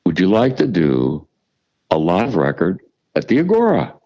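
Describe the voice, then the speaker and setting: Gravelly older man telling blunt stories. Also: deep voice, wildly swooping pitch, measured pace, darkish tone, muffled recording. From United States. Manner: profane, emphatic, restarts and repeats words. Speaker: musician guest. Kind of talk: storytelling interview.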